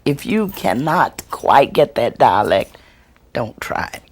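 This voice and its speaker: A woman storyteller teaching a workshop and answering audience questions, expressive and deliberate, acting out the voices she quotes. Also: rumbling low, breathy edge. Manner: slow, deliberate delivery with chuckles.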